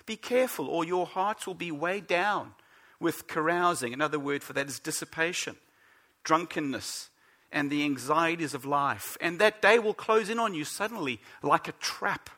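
A man delivers a sermon with a bright, forceful voice pitched a little high. He speaks earnestly and with emphasis, slowing down to stress the scripture he quotes, like a pastor addressing his congregation.

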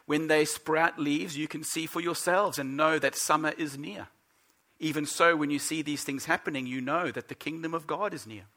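A man preaching a sermon as pastor, earnest and emphatic, slowing down to stress the scripture he quotes. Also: on the high side, sharp tone.

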